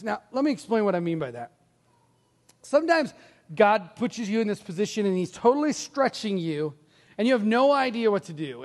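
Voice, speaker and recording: A middle-aged man preaching a sermon as pastor, telling stories in an animated way and acting out the voices of the people in them. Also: high voice, big-room sound. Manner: animated storytelling, acts out quoted voices.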